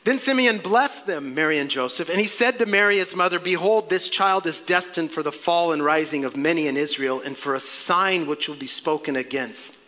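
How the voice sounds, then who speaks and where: Man, pastor, sermon, bright forceful voice, somewhat high pitch, lively storytelling, hushed asides. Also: moderate pace, hardly any pauses.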